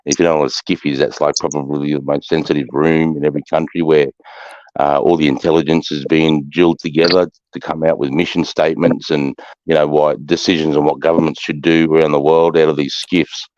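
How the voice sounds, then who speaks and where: A man's voice: extremely low pitch, level tone, a little fast, no echo, muffled recording. A man with an Australian accent, ranting in a casual live chat and swearing heavily. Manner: swearing, ranting, heats up into loud outbursts.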